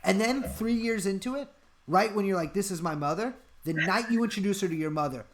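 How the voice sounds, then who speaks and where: A man's voice: sits high, fairly quick, noisy background. A man co-hosting a live-stream chat, rambling through an absurd bit of mock-serious advice. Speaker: podcast co-host.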